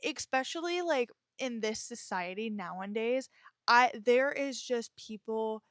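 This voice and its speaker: A woman's voice: fairly high pitch, expressive, measured pace, no echo, clean studio sound. A young woman hosting her own podcast, chatting in a bubbly, rambling way with frequent laughs and casual swearing. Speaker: podcast host. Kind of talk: casual solo podcast chat.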